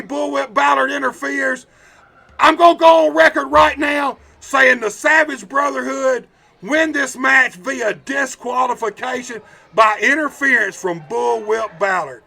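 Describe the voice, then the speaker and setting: Hyped wrestling announcer guy yelling play-by-play, real bright edgy voice, super high. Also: unhurried, creaky. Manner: shouting, hyped, emphatic. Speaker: wrestling commentator. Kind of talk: excited play-by-play commentary.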